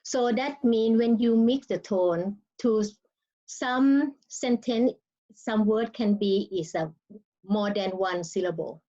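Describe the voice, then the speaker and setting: A woman's voice: mid-range voice, slow pace, mellow, lo-fi sound. A woman with a Thai accent teaching her language in an online lesson, speaking non-native English and sounding out words tone by tone. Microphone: video call.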